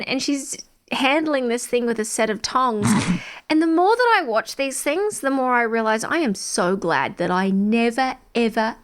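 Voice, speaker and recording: A woman in her thirties with a somewhat high voice chats casually on a podcast. She tells stories with lively energy, laughs often and swears freely. She acts out the quotes in her stories. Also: normal speed. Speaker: podcast co-host. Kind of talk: casual chat.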